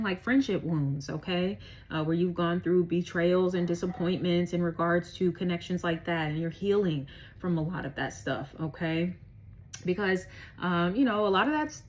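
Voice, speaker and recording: A woman's voice: fairly low pitch, darkish tone, poor audio. A woman giving a casual tarot reading, chatty, slangy and profane, laughing often. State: out of breath. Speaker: tarot reader.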